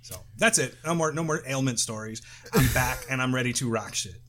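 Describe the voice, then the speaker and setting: With slight background noise, a middle-aged podcast co-host rambles casually and profanely, restarting his thoughts while he's tired and getting over the flu. His mid-range voice is fairly bright and a little fast.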